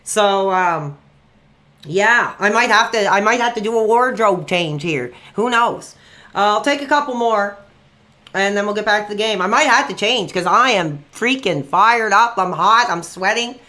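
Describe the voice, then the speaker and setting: A man hosting a livestream and taking calls, chatty and excitable, quick to flare up. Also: high-pitched. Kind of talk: casual call-in chat.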